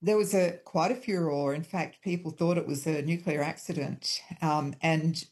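A woman guest in a hotel room, speaking over an internet call, explaining in a measured way with frequent ums. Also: low-pitched, fairly even intonation, a little mellow, slightly rough. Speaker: historian guest.

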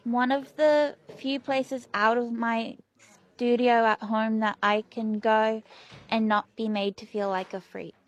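A woman's voice: on the high side, steady tone, slow. A woman, an art workshop participant speaking earnestly in an interview.

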